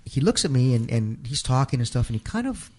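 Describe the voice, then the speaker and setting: A man's voice: mid-range voice, big pitch swings, a little fast, a little mellow. A man telling a long personal story in a casual interview, rambling and restarting and quoting others in his own voice. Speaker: interview guest.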